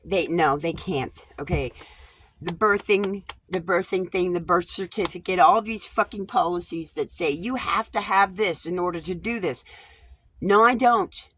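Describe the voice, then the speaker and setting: Vlogging casually inside a small RV, a woman with a lowish, slightly bright voice speaks frankly to her camera, a phone or wide-angle device. She swears often and restarts her sentences repeatedly.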